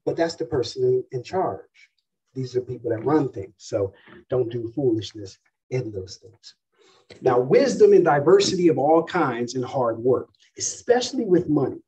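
Distant, husky preacher man. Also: mid-range voice, sing-song, moderate pace, mellow. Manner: conversational, checks in with the congregation. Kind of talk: sermon. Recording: dull distant mic in a room.

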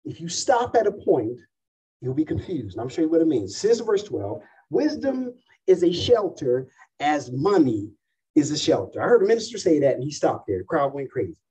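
A husky-voiced man in his fifties preaching a sermon, emphatic and full of rhetorical questions. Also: fairly high pitch, very animated, a little fast, mellow, distant mic, poor audio. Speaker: pastor.

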